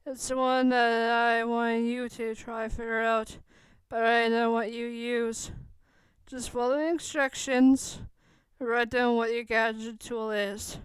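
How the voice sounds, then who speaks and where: A woman voicing a gentle, homesick young male wizard who speaks softly and hesitantly. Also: fairly high pitch, level tone, takes it slowly, smooth, no echo. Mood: apologetic.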